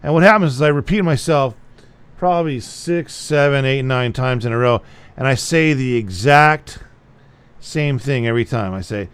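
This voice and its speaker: A man's voice: mid-range voice, moderate pace, clear, resonant tone. Blunt, repetitive male guitar teacher. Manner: blunt, repetitive, plain-spoken. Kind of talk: casual video lesson.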